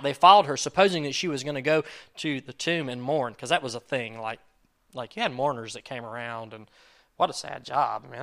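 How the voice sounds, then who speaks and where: A man's voice: medium pitch, pushed and bright. A man preaching a sermon in a casual, conversational way, reading scripture and acting out what people in it might say. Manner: casual preaching with fillers, acts out quoted speech. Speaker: pastor.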